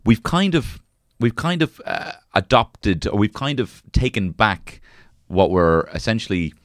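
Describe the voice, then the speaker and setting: A man's voice: fairly low pitch, sing-song, unhurried, no echo, studio quality. An Irish man co-hosting a podcast, chatting casually, swearing and joking while reading passages aloud. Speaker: podcast co-host. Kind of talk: casual chat.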